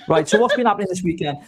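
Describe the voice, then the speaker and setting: A man co-hosting a live online show in a casual, jokey, flattering way. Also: high voice, slightly rough. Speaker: co-host. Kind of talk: casual live-stream chat.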